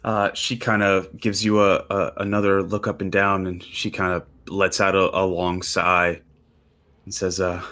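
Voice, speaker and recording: A man narrating as game master for a tabletop game, relaxed and halting with frequent fillers. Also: low-pitched.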